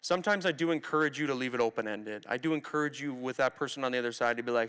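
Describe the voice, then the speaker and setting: A man's voice: medium pitch, racing, few pauses, a bit bright, clear, resonant tone. A Canadian man in his twenties giving a candid personal story talk to students from a theatre stage, speaking conversationally and acting out quotes. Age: 20s. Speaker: motivational speaker. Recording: reverberant hall recording.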